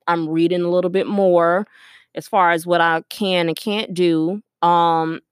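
A woman's voice: fairly low pitch, fairly bright tone, clean tone, dry recording, clean studio sound. A young woman hosting her own podcast, talking through her thoughts in an earnest, reflective way, full of ums and you-knows, while recording at her workplace store. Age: young adult. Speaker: podcast host. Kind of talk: casual solo podcast monologue.

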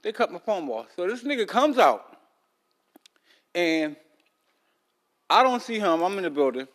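A man's voice: high voice, big pitch swings, a little slow, fairly bright tone. A man hosting a podcast, telling a long story in a loose, rambling casual way, talking around a loose tooth. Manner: loose, rambling, with many fillers and restarts. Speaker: podcast host.

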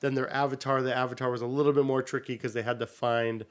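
Male teacher co-host, animated storyteller, mid pitch, casual chat. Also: fast. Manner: animated storyteller, acts out what students say.

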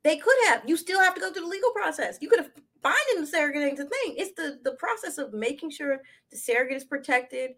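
A young woman co-hosting a podcast, chatting casually about celebrity gossip in an animated, slangy way and laughing often. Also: high-pitched, fast talker, few pauses. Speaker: podcast co-host.

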